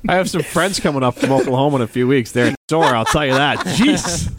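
A man hosting a sports radio show, animated, laughing easily and telling stories. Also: medium pitch, quick pace, a loud crowd. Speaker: radio host. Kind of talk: casual radio sports talk.

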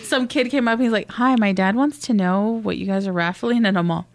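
Woman co-host, casual chatty storyteller, laughs a lot, mid-pitched voice. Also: brisk. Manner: laughs often, acts out people in stories. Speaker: podcast co-host. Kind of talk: casual chat.

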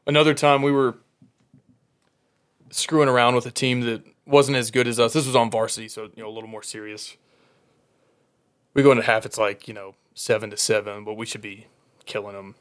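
A man telling animated football stories in casual chat, laughing often. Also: medium pitch, a little fast, long pauses.

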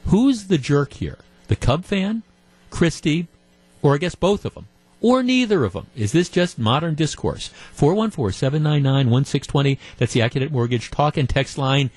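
A man's voice: a little high, very animated, normal speed, a little mellow, no room sound. A man hosting a call-in radio talk show, retelling a story in a conversational way. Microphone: studio microphone.

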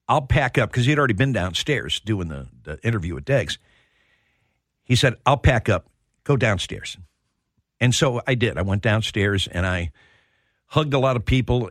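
A man's voice: lowish voice, a bit bright, no room sound, clean studio sound. A middle-aged man hosting a sports talk radio show, telling heartfelt stories with plenty of restarts. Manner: heartfelt storytelling.

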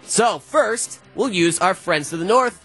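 Animated high-voiced man. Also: a little slow, breathy edge, soft background music. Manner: animated, jokey presenting. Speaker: show producer presenting a segment. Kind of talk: playful morning show segment.

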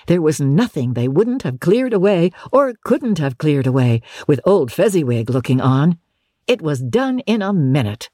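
An audiobook narrator giving a measured, expressive storybook reading in a dry studio booth. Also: mid-range voice, no echo.

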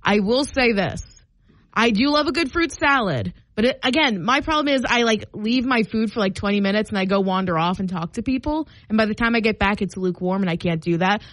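A woman's voice: medium pitch, expressive, fairly quick, fairly bright tone, no room sound, poor audio. A young woman in her twenties co-hosting a morning radio show in a dry, close studio. She talks in a loose, rambling way, full of "like"s. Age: 20s. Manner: chatty, rambling, lots of "like". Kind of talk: casual radio banter.

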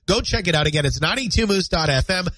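A man's voice: high-pitched, animated, fast, noisy background. A man in his thirties hosting a morning radio show alone, nasal and congested from a cold, chatty and self-deprecating. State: stuffy nose and scratchy throat from a cold. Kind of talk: solo morning radio talk. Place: radio studio. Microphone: studio microphone.

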